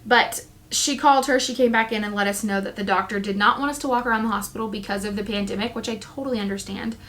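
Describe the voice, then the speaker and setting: A woman's voice: mid-range voice, a little hiss or hum. Chatty young woman telling her story. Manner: chatty, animated, quotes herself often. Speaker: vlogger, new mom. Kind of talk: casual storytelling to camera.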